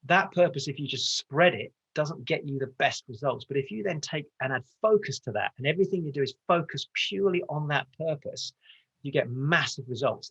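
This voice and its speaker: A male coach from the UK, guesting on a podcast. He speaks quickly and passionately through a slightly husky voice. The audio sounds dull and lo-fi, like a remote call. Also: medium pitch, fairly bright tone. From United Kingdom. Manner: passionate, gets carried away, talks fast. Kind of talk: motivational interview talk.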